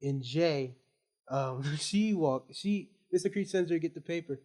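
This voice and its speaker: A male student on a casual podcast, telling an animated story and laughing as he goes. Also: on the high side, unhurried. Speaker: student guest.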